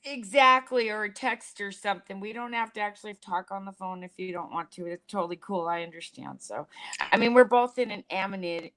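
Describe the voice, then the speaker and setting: A woman's voice: mid-range voice, brisk, sharp tone, no room sound. A woman on a live-stream panel, chatting casually, giggling and stumbling over words. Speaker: panel guest.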